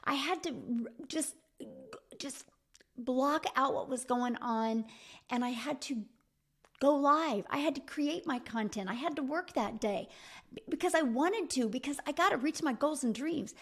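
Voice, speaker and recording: Emphatic middle-aged woman mentor, higher voice. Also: unhurried. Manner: emphatic, repetitive, addresses listener directly. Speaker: business mentor. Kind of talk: motivational coaching talk.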